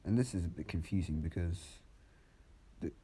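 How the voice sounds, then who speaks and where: Deep-voiced man rambling through a story. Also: moderate pace, mellow, breathy edge. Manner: rambling, frequent restarts, swearing. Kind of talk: casual improvised storytelling.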